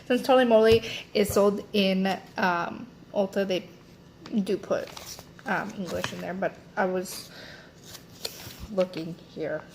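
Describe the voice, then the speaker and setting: A woman's voice: medium pitch, fairly even intonation, takes it slowly, gravelly, pauses often, darkish tone, a little hiss or hum. A young woman chatting casually as she unboxes beauty products, rambling with lots of fillers and self-corrections. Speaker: beauty vlogger.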